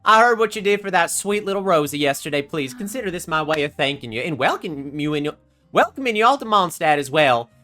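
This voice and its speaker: A woman's voice: low voice, lively intonation, quick pace, fairly bright tone. A woman voicing a folksy, motherly diner owner who drawls and calls everyone sweetie and hon. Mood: teasing.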